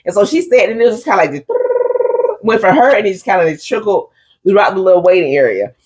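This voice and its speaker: Animated husky woman chatting. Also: medium pitch, fast talker. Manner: animated storyteller, acts out crowd voices, says "honey". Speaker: podcast co-host. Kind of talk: casual chat.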